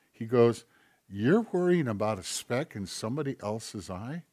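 A man preaching a sermon in a conversational way, acting out quoted voices as he goes. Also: medium pitch. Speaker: pastor.

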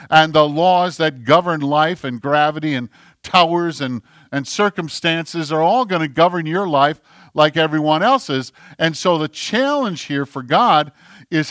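A male pastor preaching a sermon, animated, swinging between forceful delivery and near whispers. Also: a little high, no room sound, clean studio sound.

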